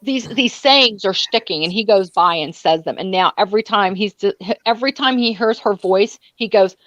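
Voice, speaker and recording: A woman's voice: medium pitch, normal speed, hardly any pauses, a bit bright, no echo, lo-fi sound. A woman in a casual live chat, telling stories and easily amused. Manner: chatty storytelling, easily amused. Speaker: co-host of a live gossip chat.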